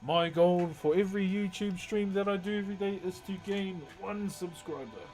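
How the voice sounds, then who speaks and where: A man's voice: high voice, moderate pace, darkish tone, faint music behind, rough recording. Laid-back New man chatting on stream. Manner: laid-back, greets viewers by name, laughs often. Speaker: livestreamer and wood carver. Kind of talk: casual live-stream chat.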